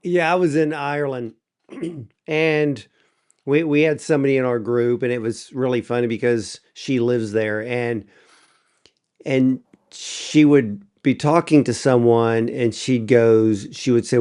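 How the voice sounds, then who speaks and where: Smooth-voiced chatty American host. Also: male voice, mid-range voice, steady tone, a little slow, a little mellow. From United States. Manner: chatty, clears throat often. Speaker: interview host. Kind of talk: conversational interview.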